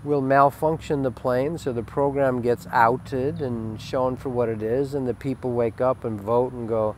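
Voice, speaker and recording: A man giving a spiritual webcast monologue, emphatic and rambling, swinging from loud declarations to hushed asides. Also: medium pitch, fairly even intonation, a little slow, few pauses, slight background noise. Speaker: spiritual teacher.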